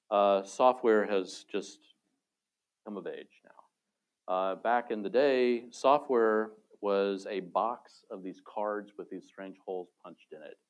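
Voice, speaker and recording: A middle-aged man, a retired space robotics engineer, telling stories in a relaxed panel talk with self-amused asides. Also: fairly low pitch, lo-fi sound.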